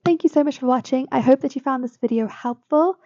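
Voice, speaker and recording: A woman's voice: sits high, fast, warm tone. Woman tutor explaining a poem, lo-fi. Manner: explanatory, with fillers and self-corrections. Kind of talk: poetry analysis lesson. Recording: dull lo-fi sound.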